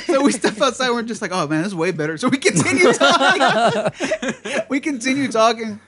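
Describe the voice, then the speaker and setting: A young man with a notably high voice tells a rambling party story to friends. His delivery is loose and profane, and he keeps acting out the other people in it. He laughs his way through the telling. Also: animated, normal speed, bright, forceful tone, husky. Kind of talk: casual chat, storytelling.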